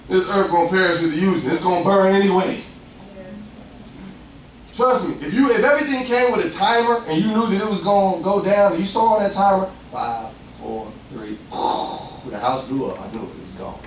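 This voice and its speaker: A man preaching a sermon, animated and lively, swinging from loud bursts to hushed asides. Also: sits high, brisk, long pauses, slight background noise. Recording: echoey room picked up from far off, faint ambience.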